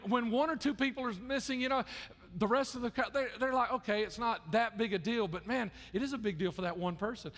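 A pastor preaching a sermon in an earnest, conversational way, often repeating and restarting words. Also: male voice, high-pitched, vocal fry, fairly bright tone, in a large hall.

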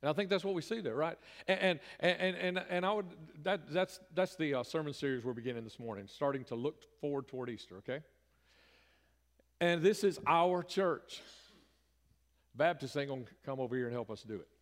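Preacher guy, middle-aged, chatty sermon that gets loud and punchy, long echo from the church hall. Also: fairly high pitch, a little fast. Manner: folksy, conversational preaching with rising emphatic bursts. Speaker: pastor. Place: church sanctuary.

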